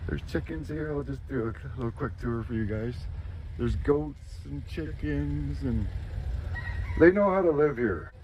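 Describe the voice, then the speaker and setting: A man's voice: unhurried, darkish tone, slight background noise. A man chatting casually while giving a walking tour of a rural property, recorded outdoors on a phone as he walks. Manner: chatty, cooing at animals in a high voice. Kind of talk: casual live chat.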